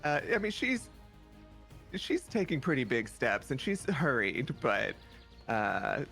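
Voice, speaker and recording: A man playing a tabletop game, relaxed and joking, with halting phrasing. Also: mid-range voice, creaky, music in the background. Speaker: player. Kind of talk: casual tabletop game play.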